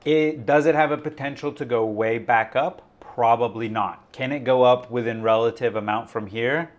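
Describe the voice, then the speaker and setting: A man's voice: medium pitch, fairly even intonation, normal speed. A man hosting a crypto live stream, talking in a rambling, chatty way full of fillers. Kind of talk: casual live-stream chat.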